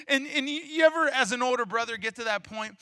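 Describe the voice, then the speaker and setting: A male pastor preaches with animated storytelling and breaks into loud bursts. His voice sits very high and bright. The sound is close and dry. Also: fast talker, dry recording. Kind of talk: sermon.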